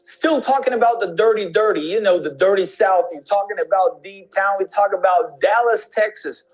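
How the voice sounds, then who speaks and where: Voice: mid-range voice, normal speed, low-quality recording. An English teacher in an instructional video lesson, demonstrating slang greetings with repeated examples.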